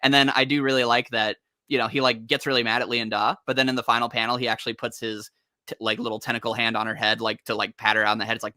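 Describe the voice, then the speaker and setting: A man in a casual chat about comics, talking excitedly and rambling as he acts out characters' lines. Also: mid-range voice, quick pace, dry recording, studio quality. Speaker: co-host.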